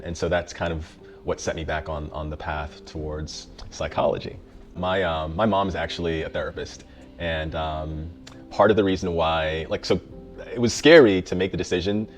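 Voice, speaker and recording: A middle-aged man, a mental health therapist, talking casually and reflectively about his path into counseling, with frequent "um"s and restarts. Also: low-pitched. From the Bronx, New York. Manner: reflective, with many fillers and restarts. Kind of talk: casual introductory talk.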